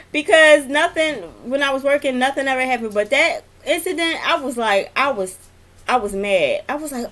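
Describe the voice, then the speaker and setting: A woman's voice: high-pitched, moderate pace, a bit bright. A young adult woman, a nurse, telling work stories in a casual, rambling vlog with many fillers and laughs. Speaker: vlogger, nurse.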